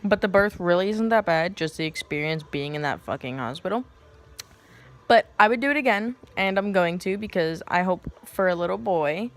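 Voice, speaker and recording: A woman's voice: on the low side, normal speed. Young woman ranting on her vlog, sassy and swears a lot, talks into her phone at home. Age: young adult. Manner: profane, sassy, animated storytelling. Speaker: vlogger. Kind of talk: casual storytime vlog.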